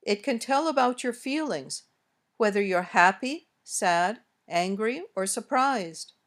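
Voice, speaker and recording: An American woman reading a scripted English lesson, modeling sentences slowly and carefully as a teacher. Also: mid-range voice, lively intonation, a bit bright. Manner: slow, careful, clearly modeled example sentences. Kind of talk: scripted instructional narration.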